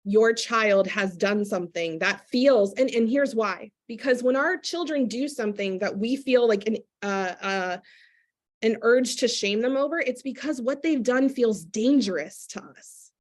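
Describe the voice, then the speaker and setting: A woman's voice: on the high side, unhurried. A woman speaking as a guest in a candid conversation, earnestly and reflectively explaining parenting step by step.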